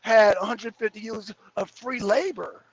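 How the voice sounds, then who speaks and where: Man, high pitched and husky, heated profane livestream ranter reading comments. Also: measured pace, no echo. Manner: heated, profane, repeats and mocks viewer comments. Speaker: YouTube commentator.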